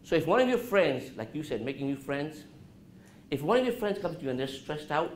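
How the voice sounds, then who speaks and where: A man giving an interactive talk to a college class, asking the students questions and dropping his voice low to show calm. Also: brisk. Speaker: guest speaker at a college business class. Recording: roomy classroom with faint noise.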